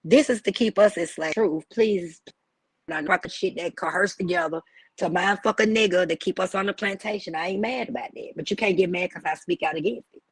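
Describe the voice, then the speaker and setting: A woman's voice: mid-range voice, brisk, breathy edge, dry recording. A woman hosting a livestream, ranting in a blunt, profane and preachy way. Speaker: livestream host. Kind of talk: heated livestream rant.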